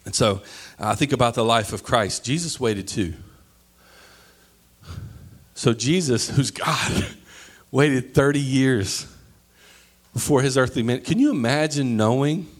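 A pastor in his thirties preaches a sermon with animation, sometimes breaking into high yelling as he acts out stories.

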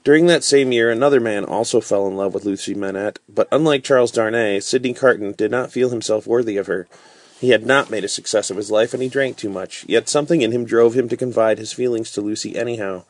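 A man reading a classic novel aloud as a bedtime story, calm and unhurried with occasional fillers. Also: lowish voice, no echo.

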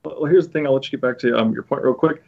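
A man's voice: mid-range voice, fast talker, vocal fry, lo-fi sound. A man hosting a podcast, chatting casually and sarcastically with lots of restarts. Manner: rambling, many restarts, sarcastic asides. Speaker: podcast host. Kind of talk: casual chat.

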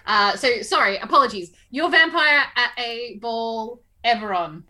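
A woman co-hosting a podcast in casual chat, playful and excitable, quick to exclaim. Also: a little high. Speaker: podcast co-host.

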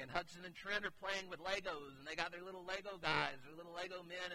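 A man in his thirties preaching a sermon as a pastor, earnest, with warm asides and moments where he drops to a hushed, intense tone. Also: high-pitched, rough recording.

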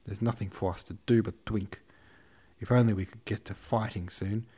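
A man's voice: fairly low pitch, steady tone, normal speed, warm tone, breathy edge. A man voicing a hot-tempered, swearing young cavalry officer who cannot pronounce his R's. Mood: blustering. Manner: blustering, swearing.

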